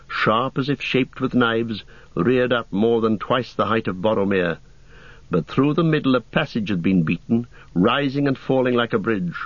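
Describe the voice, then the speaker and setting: A man reading a fantasy audiobook in measured, unhurried scripted narration. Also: medium pitch, no echo, highs cut off.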